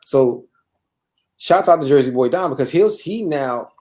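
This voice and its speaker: A man's voice: mid-range voice, animated, unhurried, a little mellow. A man hosting a live gaming talk show, rambling and repeating himself, tagging lines with "bro" and "right?". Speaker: show host. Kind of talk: casual chat.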